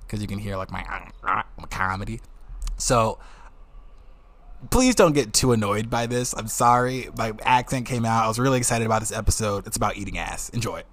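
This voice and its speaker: A man in his twenties from Wisconsin with a Wisconsin accent, hosting a casual solo podcast in an excitable, joking way. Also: on the low side, a little fast. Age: 20s. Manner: excitable, jokey, swears casually. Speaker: podcast host.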